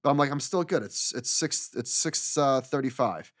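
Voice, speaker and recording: A man in middle age tells a story on a podcast, exasperated and animated, playing every part of the exchange himself. His voice is of middling pitch. The sound is dry and close, with little room around it. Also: normal speed, dry recording. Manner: animated, exasperated retelling with quoted dialogue. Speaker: podcast co-host. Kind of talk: casual storytelling chat.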